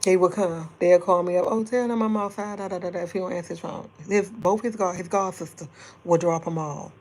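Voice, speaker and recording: Chatty middle-aged woman, low voice. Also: steady tone, fairly quick. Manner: chatty, rambling, laughs often; speaking softly at times to keep quiet. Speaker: livestream host. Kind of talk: casual livestream chat with viewers.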